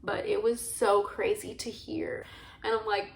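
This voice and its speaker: A woman's voice: a little high, flat delivery, normal speed, roomy sound, low-quality recording. A young woman telling a personal story to camera in a chatty, earnest way, often saying "like". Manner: chatty, heavy use of "like", earnest and emotional. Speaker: vlogger.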